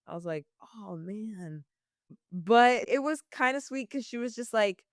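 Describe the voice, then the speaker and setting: A woman's voice: fairly high pitch, expressive, a little fast, clear, resonant tone, no room sound, clean studio sound. A young woman working as a barista, answering interview questions casually with many "like" fillers and frequent laughs.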